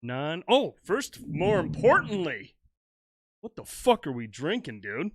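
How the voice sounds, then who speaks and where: A man co-hosting a casual podcast chat, excitable and swearing freely as he jokes along. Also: a little high, takes it slowly. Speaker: podcast co-host.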